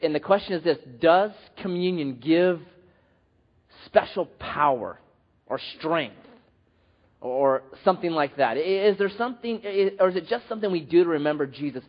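A man preaching a sermon as pastor, telling a story with lively acted quotes. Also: on the high side, normal speed, muffled recording.

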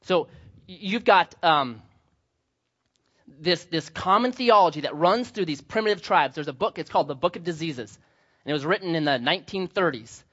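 Young man, pastor, high bright delivery, storytelling sermon, slightly muffled lo-fi audio. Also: animated, normal speed. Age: young adult. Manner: storytelling, acting out voices with humor. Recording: slightly dull lo-fi sound.

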